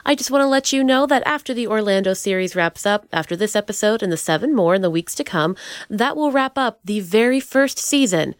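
A woman's voice: medium pitch, expressive, brisk, dry recording, studio quality. Bubbly woman hosting a podcast. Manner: bubbly, playful, goofy asides. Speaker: podcast host. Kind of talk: casual podcast chat.

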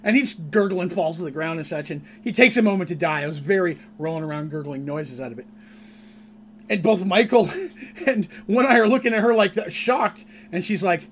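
A man recaps a tabletop adventure he ran, rambling and animated as he tells it. His voice sits somewhat high, with a faint hum under the recording. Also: moderate pace. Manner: animated, rambling, laughs at his own story. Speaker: game master. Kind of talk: casual storytelling recap of a tabletop game.

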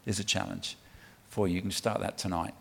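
A man's voice: low voice, flat delivery, fairly quick, vocal fry. A man from the UK, preaching a sermon in a church in a conversational, punchy way and coaxing the congregation to answer back. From United Kingdom. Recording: long reverb of a large hall.

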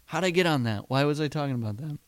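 A man with a slightly high voice, recorded dry and close with no room sound. He meanders through a self-deprecating story in a casual chat and chuckles at his own jokes. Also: animated, fast, no room sound.

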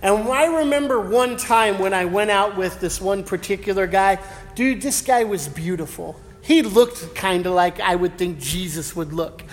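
A man's voice: high-pitched, moderate pace. A middle-aged male pastor preaching an evening sermon, praying and then telling a personal story in a casual, slangy way. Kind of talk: sermon with prayer and personal anecdote. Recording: long hall reverb.

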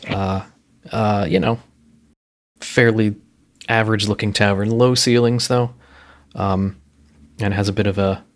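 A man with a fairly low voice runs a tabletop game as game master. He describes scenes in a relaxed, rambling way, full of pauses and fillers.

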